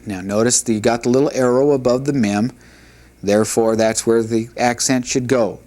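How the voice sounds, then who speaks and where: A man teaching a Hebrew language lesson, reading word lists aloud in a measured, deliberate way and explaining syllables. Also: medium pitch, fairly even intonation, a little mellow. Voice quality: measured, deliberate delivery with pauses between drilled words.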